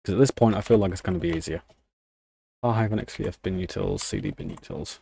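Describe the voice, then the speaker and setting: A man's voice: sits low, very animated, quick pace, vocal fry, mellow, slightly rough. A young man chatting casually on a live stream, ranting in annoyance while typing commands at his desk. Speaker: livestreamer.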